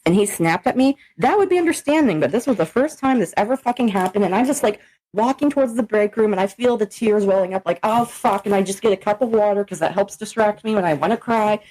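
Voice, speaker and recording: A young woman co-hosting a podcast, telling stories in a profane, animated, casual way. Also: mid-range voice, fast talker, poor audio. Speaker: podcast co-host. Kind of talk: casual chat.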